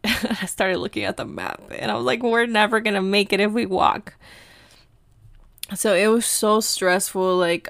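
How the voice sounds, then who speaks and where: A woman's voice: medium pitch, dry recording, studio quality. A young woman from Mexico telling a travel story in a casual, chatty way, acting out what she and others said. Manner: chatty, animated, quotes herself and others.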